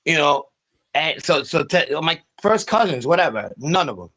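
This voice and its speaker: A man's voice: fairly high pitch, sing-song, normal speed, a bit bright, low-quality recording. A man on a casual podcast, talking in a profane, rambling street style. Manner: profane, rambling street talk with mocking impressions. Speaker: guest.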